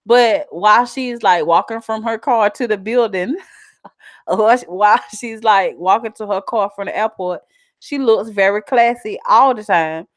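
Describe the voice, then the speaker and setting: A woman's voice: medium pitch, measured pace, no room sound, studio quality. A woman with a South Carolina country twang, chatting casually and animatedly as she reads out viewer comments and laughs often. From South Carolina, USA. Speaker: vlogger.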